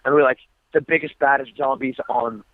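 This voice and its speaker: A little fast and medium in pitch, the voice belongs to an American man appearing as a guest fighter in a phone interview. The tinny line carries his relaxed, um-filled storytelling and frequent restarts.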